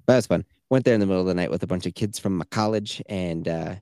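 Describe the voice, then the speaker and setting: A man's voice: deep voice, fast talker, no room sound, studio quality. A man co-hosting a podcast who tells stories casually, swearing freely and putting on the voices of the people in them. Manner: animated, profane, acts out voices in his stories. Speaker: podcast co-host. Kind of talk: casual storytelling chat.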